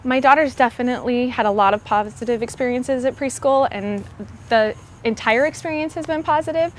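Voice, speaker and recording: A woman's voice: sits high, brisk, a little hiss or hum. A woman who is a preschool teacher and parent, answering interview questions earnestly with a few hesitant fillers. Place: school campus. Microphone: clip-on microphone.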